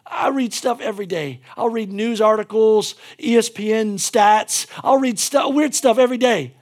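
A man preaching a sermon as pastor, moving between shouted fervor and quiet, intimate appeals, with phrases repeated for emphasis. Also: sits high, moderate pace.

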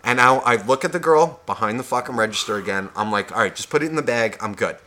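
A man's voice: mid-range voice, fast, sharp tone. A man on a podcast, telling a profane shopping story and acting out both sides of the conversation. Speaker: podcast co-host. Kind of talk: casual storytelling rant.

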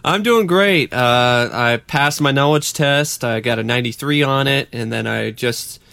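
Easygoing podcast co-host, dry sound. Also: male voice, mid-range voice, unhurried, creaky, bright, forceful tone, smooth, no echo. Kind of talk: casual podcast chat.

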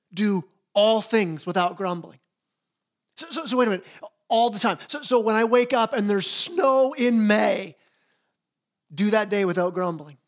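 Pastor, man, high pitch, earnest sermon delivery with stutter-start phrasing. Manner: earnest, repeats words when starting phrases.

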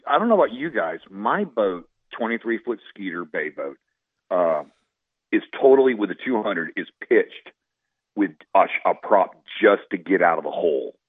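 A man's voice: deep voice, very animated, moderate pace. A man who works as a fishing guide, talking plainly and emphatically as a guest. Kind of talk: casual chat. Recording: husky phone line.

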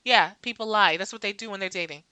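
Bright, blunt woman co-host. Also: medium pitch, fast talker, smooth, no echo. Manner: blunt, profane, animated storytelling. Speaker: podcast co-host. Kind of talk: casual chat.

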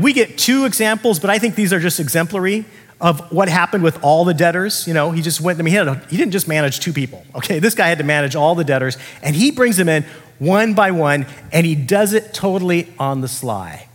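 A man's voice: high voice, animated, fairly quick, husky. Conversational man preaching in a reverberant hall. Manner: conversational, acts out quoted characters. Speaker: pastor. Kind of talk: sermon.

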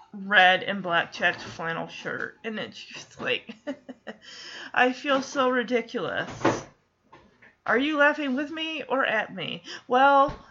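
Bright, lively woman host, giggly recap, slightly dull audio. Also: on the high side. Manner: animated, giggly, does voices. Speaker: podcast host. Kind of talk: casual episode recap.

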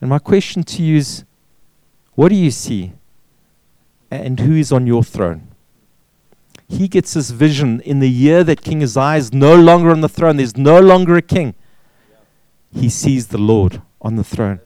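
A man's voice: medium pitch, lively intonation, a little slow, dark tone, smooth, no echo, rough recording. A man preaching a sermon, pressing points with repeated words and rhetorical questions. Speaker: pastor.

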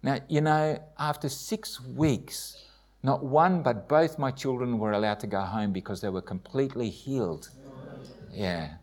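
Middle-aged man, mid-range voice, missionary testimony in a church, heartfelt, halting, acts out the voices of others. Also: a little mellow. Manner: heartfelt storytelling, acts out dialogue with rising pitch; frequent hesitations and restarts. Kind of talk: emotional personal testimony in church.

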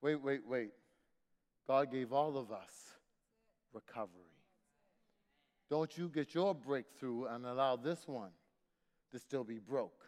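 Preaching in a church sanctuary, a middle-aged man leads a rhythmic call-and-response sermon, repeating refrains and calling out to the congregation. His mid-range, slightly mellow voice moves slowly with long pauses, and the hall's long reverb surrounds it.

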